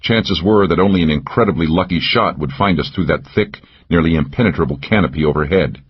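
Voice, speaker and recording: Deep husky male audiobook narrator. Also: brisk, dull audio. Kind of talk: first-person thriller narration.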